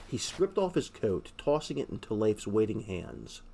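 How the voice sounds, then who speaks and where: Male audiobook narrator, low gravelly voice, faint hiss. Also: sing-song, normal speed, warm tone.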